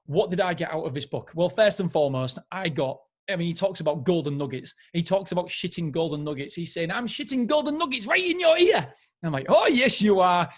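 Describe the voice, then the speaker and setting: Man, podcast host, casual book review, enthusiastic, rambling, slightly high pitch. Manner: enthusiastic, rambling, frequent self-corrections.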